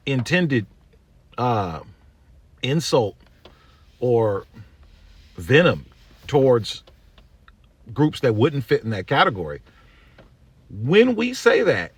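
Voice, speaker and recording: A man's voice: mid-range voice, slightly rough, dry recording. A man from the United States hosting his own show, delivering a blunt, slangy opinion rant. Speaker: show host. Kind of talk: opinion commentary monologue.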